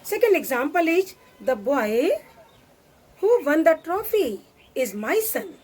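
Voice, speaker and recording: High, lively slow-talking woman teacher. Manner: slow, patient, repeats each example. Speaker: grammar teacher. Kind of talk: classroom grammar lesson.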